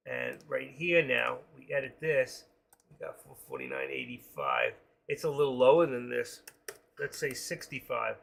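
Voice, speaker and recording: A man's voice: mid-range voice, gravelly, a bit bright, husky. A middle-aged man, talking through his trades on a live stream. He thinks aloud and rambles, joking as he goes. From New York. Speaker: day-trading live streamer.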